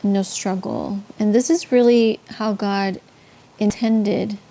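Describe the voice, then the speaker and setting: A woman's voice: medium pitch, steady tone, slow pace, dark tone. A woman from Texas with a Tex-Mex accent hosting a live stream, chatting with viewers and telling faith stories, with lots of ums and restarts. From San Antonio, Texas. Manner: chatty, answers chat comments, frequent ums and restarts.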